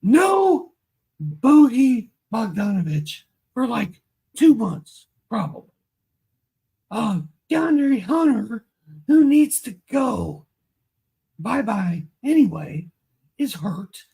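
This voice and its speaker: A man's voice: high-pitched, sing-song, takes it slowly, vocal fry, long pauses, mellow, slightly rough. A man co-hosting a casual sports podcast as analyst, emphatic and slangy with blunt opinions. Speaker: co-host and fantasy analyst. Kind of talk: casual fantasy basketball podcast chat.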